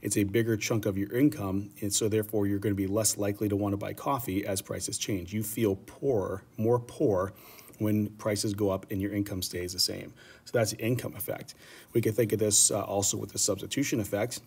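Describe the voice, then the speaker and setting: A man's voice: lowish voice, fairly even intonation, brisk, gravelly, darkish tone, slightly rough. A man teaching an economics lesson in a casual, rambling way, often checking in with "right?". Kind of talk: economics lecture.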